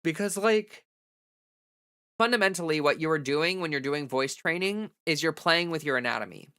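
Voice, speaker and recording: Woman streamer, bright forceful tone, chatty candid advice, dry close sound. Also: low-pitched, expressive, normal speed, no echo. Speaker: livestreamer giving voice-training advice. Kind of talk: casual livestream chat.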